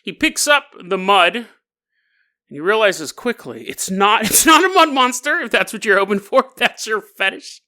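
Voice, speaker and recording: A podcast host with a high, bright, forceful voice retells a news story as a comedy bit at a normal pace. He's animated, piling on jokes and tangents and laughing mid-sentence.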